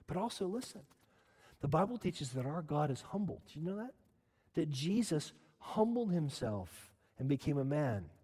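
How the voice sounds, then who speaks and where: A man preaching a sermon as pastor, emphatic, often urging "listen" and climbing to loud peaks. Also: on the high side, sing-song, normal speed, breathy edge, long reverb tail.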